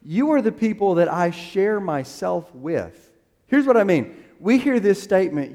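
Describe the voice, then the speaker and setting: A man's voice: sits high, big pitch swings, measured pace, a little mellow, big-room sound. A male pastor preaching a sermon, emphatic and building to a strong crescendo, with a few restarts and fillers as he finds the verses.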